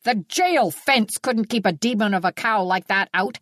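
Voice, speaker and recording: A woman's voice: medium pitch, moderate pace, fairly bright tone, no echo, clean studio sound, lightly acted. A woman reading an audiobook, voicing an irate middle-aged male farmer who sputters and scolds in old-fashioned exclamations.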